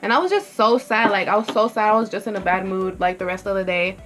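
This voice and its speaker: A woman's voice: medium pitch, fast talker, a bit bright, soft background music. Chatty young woman vlogger, lots of "like". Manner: rambling, heavy use of "like", candid, swears freely. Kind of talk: casual get-ready-with-me storytelling.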